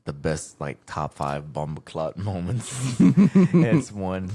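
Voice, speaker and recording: A man co-hosting a casual podcast chat, animated and laughing often. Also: deep voice, takes it slowly. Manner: animated, laughs often, slips into mock accents. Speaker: podcast co-host.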